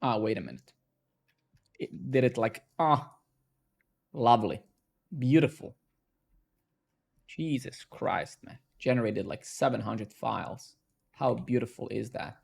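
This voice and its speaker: Gravelly man live-coding and muttering. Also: medium pitch, a little slow, pauses often. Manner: talks to himself, swears, excitable outbursts. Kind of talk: casual live-stream commentary while coding.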